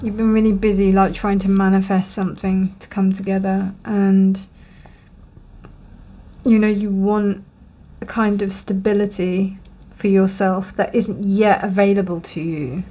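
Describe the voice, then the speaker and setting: A woman's voice: mid-range voice, little pitch movement, a little slow, warm tone. A woman giving a tarot card reading to camera, musing and reassuring as she thinks aloud with many fillers and frequent yawns. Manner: yawns often during readings. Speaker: tarot reader.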